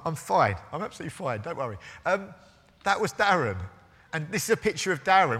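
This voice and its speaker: With a bright, forceful, fairly high voice, a pastor in his forties preaches in a church hall that rings with long reverb. His sermon story comes with hesitant restarts as he acts out both speakers in the dialogue.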